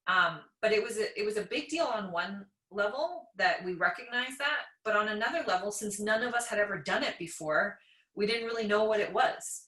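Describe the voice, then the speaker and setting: A Canadian woman in her thirties, a podcast guest, telling lively stories in casual conversation and laughing often. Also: medium pitch, fairly quick. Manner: animated storyteller, laughs often. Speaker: podcast guest, jiu-jitsu black belt. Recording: echoey room.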